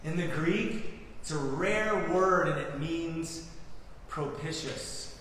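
A man's voice: fairly high pitch, takes it slowly, fairly bright tone, a little hiss or hum. A man preaching a sermon as pastor, earnestly calling the listeners beloved and asking them rhetorical questions. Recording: echoey hall from far off, faint ambience.

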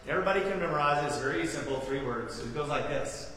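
A man's voice: a little high, fast talker, fairly bright tone, slight background noise. A man preaching a sermon as pastor, earnestly calling the listeners beloved and asking them rhetorical questions. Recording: echoey hall from far off, faint ambience.

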